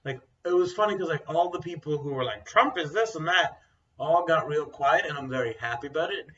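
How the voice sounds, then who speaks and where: A man's voice: fairly high pitch, fast talker, a bit bright. A young man chatting casually as a co-host. He talks bluntly and rambles, full of fillers. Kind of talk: casual chat. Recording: dull, distant mic sound.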